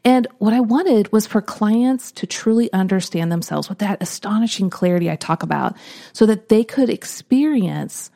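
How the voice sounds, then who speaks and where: A woman hosting a podcast, telling a personal story in an earnest, reflective way, often trailing off softly. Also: mid-range voice, lively intonation, normal speed, vocal fry. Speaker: podcast host.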